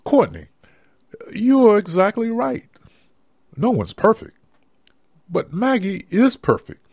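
A man's voice: a little high, gravelly, darkish tone, no echo, clean studio sound, full character voice. A man voicing a sheepish, lovestruck married man in an amateur audio drama, speaking earnestly. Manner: earnest, swooping intonation.

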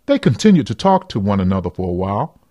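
A man narrating a radio drama in a slow, dramatic storytelling manner. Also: lowish voice, very animated, warm tone.

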